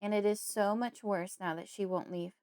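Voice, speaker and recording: A woman narrates a creepy horror audiobook in the first person, reading at a steady, measured pace. Her voice is mid-pitched, and the recording is dry and close. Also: smooth, no room sound.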